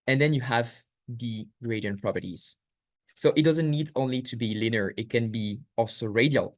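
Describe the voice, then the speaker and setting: A man with a French accent teaches an online workshop at a middle pitch. He explains each step, answers questions from the chat, and corrects his own small slips. The recording is dry, with no room sound. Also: no echo. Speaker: workshop instructor. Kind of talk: live online software tutorial.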